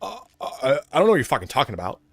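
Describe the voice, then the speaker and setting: A man's voice: medium pitch, huge pitch swings, very fast, vocal fry, fairly bright tone, breathy edge, no echo. A man from California with an American accent ranting casually on a livestream, swearing and laughing a lot. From California, USA. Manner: profane, rambling, laughs often. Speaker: streamer.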